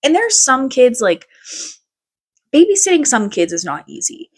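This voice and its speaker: A woman's voice: sits high, big pitch swings, normal speed, husky. A young adult woman hosting a podcast in casual chat, rambling and swearing freely. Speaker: podcast host.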